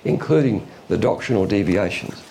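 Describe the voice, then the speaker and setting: A man preaching a sermon in a folksy, illustrative way, with quick asides and chuckles. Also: on the low side, expressive, creaky, warm tone. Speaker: pastor.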